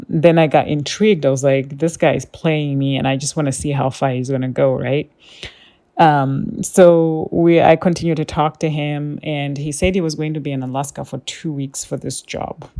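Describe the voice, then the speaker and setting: Low, mellow-voiced woman podcast host. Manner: chatty, with many fillers and quoted asides. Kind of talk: casual storytelling monologue.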